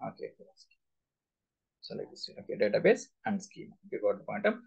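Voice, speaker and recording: A man's voice: fairly low pitch, big pitch swings, fairly quick, creaky, darkish tone, breathy edge, dull audio. A man teaching a live SQL class, quizzing students with repeated questions. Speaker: SQL instructor.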